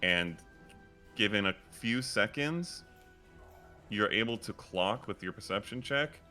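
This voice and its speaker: A man with a very low voice and a bright, forceful edge runs a tabletop game as dungeon master. He lays out each scene slowly and descriptively, pausing on fillers as he talks. Faint music plays behind him. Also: lively intonation. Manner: slow, descriptive scene-setting with frequent fillers.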